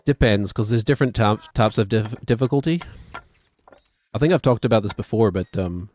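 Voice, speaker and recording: A man's voice: on the low side, normal speed, darkish tone. Rambling New Zealand man streaming games. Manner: rambling and self-deprecating, thinking aloud. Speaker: game streamer. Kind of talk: casual gaming commentary.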